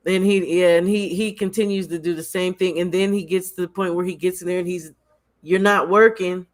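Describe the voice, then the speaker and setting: Animated man chatting on a livestream. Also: high voice, brisk. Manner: animated, laughs often, repeats himself. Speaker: livestream host. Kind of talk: casual boxing chat.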